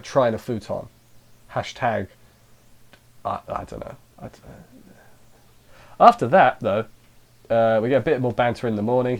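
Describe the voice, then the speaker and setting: A man giving a casual spoken anime review, rambling along and interrupting himself with jokey side remarks. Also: lowish voice.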